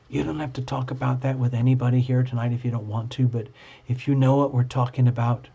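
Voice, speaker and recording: Man, tarot reader, live stream, chatty, playful, mid-pitched, dull lo-fi audio. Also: flat delivery, vocal fry, mellow, breathy edge. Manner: chatty and playful, reads card text aloud slowly.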